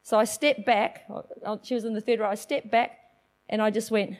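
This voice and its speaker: High-voiced animated woman preaching. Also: fairly quick, some chatter behind. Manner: animated storytelling, acts out quoted voices. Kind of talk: sermon with personal testimony.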